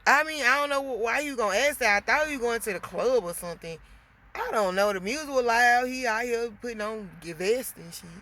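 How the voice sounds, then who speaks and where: A woman vlogger venting a storytime, animated and swearing, talking straight to her viewers. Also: fairly high pitch, a little fast, slight background noise. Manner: animated, swearing, addresses viewers as girl and y'all.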